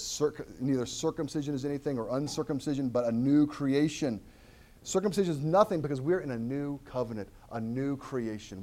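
A man preaching a sermon, animated and earnest, often repeating words as he restarts his phrases. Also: medium pitch. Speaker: pastor.

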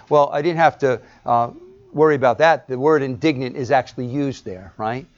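A man preaching a sermon and reading scripture, stressing words hard and then dropping to a hush. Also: medium pitch, normal speed. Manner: emphatic, shifts between loud stresses and hushed drops. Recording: dull lo-fi recording.

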